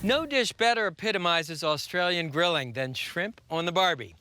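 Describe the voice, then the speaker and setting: A middle-aged man hosting a TV cooking show, delivering punchy scripted lines and measured step-by-step instructions. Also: high voice, expressive, very noisy. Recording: broadcast audio with music bed.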